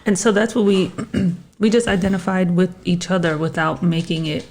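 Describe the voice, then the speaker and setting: A woman's voice: lowish voice, flat delivery, moderate pace, a little mellow. A woman co-hosting a podcast in casual chat, speaking in a thoughtful, hedging way. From Puerto Rican family, raised in Philadelphia. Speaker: podcast co-host.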